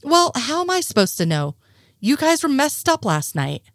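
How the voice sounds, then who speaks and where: A woman reading the lines of a nervous, innocent man, a little higher than her narration. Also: sing-song, normal speed, dry recording, studio quality. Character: nervous, well-meaning male conspiracy nerd.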